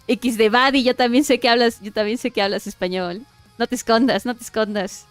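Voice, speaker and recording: Her voice a little high and fairly quick with fairly even intonation, a young Mexican woman chats while drawing on stream. She's bubbly, giggles often, and moves between English and Spanish in a Mexican accent. The recording is dry, with faint music behind.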